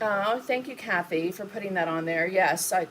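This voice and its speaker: Chatty lower-voiced woman demonstrating crafts. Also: moderate pace, fairly bright tone, a little hiss or hum. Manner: chatty and rambling, thinks aloud, answers viewer comments. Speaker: mixed media artist and host.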